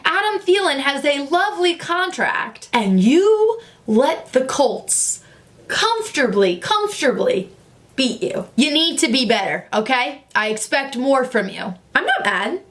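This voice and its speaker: Excitable high-voiced young woman vlogger. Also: unhurried. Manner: animated, gushing, excitable. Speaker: sports vlogger. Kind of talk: casual football reaction vlog.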